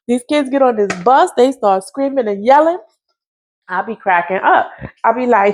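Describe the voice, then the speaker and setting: A woman's voice: on the high side, expressive, normal speed, darkish tone. A woman who drives a school bus, chatting casually while she cooks in her home kitchen, a laughing storyteller. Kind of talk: casual cooking vlog.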